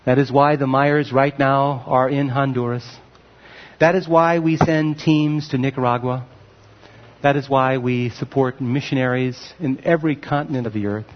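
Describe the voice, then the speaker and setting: A man preaching a sermon as pastor, with emphatic stresses that climb high. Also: fairly even intonation, moderate pace. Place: church. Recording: dull sound, long hall reverb.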